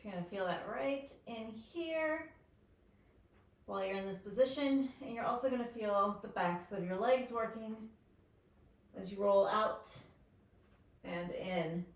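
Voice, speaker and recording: A woman leading a home workout, counting down each set and cheering viewers on. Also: medium pitch. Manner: counts down reps, upbeat and encouraging. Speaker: fitness instructor. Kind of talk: guided workout instruction. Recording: echoey room, distant mic, faint noise.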